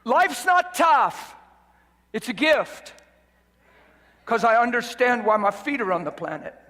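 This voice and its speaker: A man's voice: high voice, animated, moderate pace, pushed and bright. A man preaching a sermon in a large hall, exuberant and emphatic, often breaking into laughter. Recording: reverberant hall.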